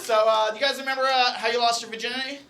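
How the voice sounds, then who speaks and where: A young man performing a stand-up comedy set, telling a story with animated energy and shouted punchlines. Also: extremely high pitch, racing, background noise. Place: comedy club stage. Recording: live crowd audible. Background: audience laughter.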